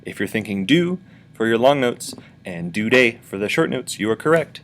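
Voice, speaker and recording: A man's voice: mid-range voice, lively intonation, moderate pace, a little hiss or hum. A man teaching a virtual music lesson for children, patiently explaining and chanting rhythm syllables.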